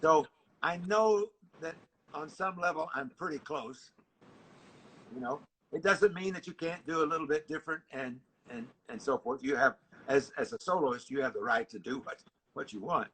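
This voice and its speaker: Older male horn coach, high bright voice, sings phrases, video-call masterclass. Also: normal speed, slight background noise. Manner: sings rhythms in scat syllables. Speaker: horn teacher.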